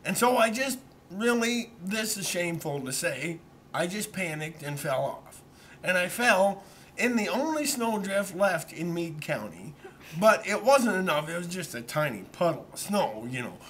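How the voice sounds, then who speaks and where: A man's voice: high voice, very animated, measured pace, a bit bright, slight background noise. A man casually telling a childhood story to a camera that a friend is holding, rambling and poking fun at himself. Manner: rambling and self-deprecating, with repeated "so anyway". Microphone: camera held by a friend.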